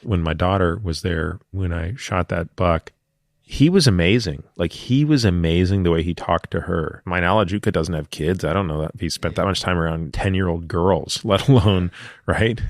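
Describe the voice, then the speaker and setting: A man's voice: deep voice, moderate pace, no echo, clean studio sound. A man hosting a podcast, telling a personal story in a thoughtful, reflective way. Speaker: podcast host. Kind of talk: casual interview chat.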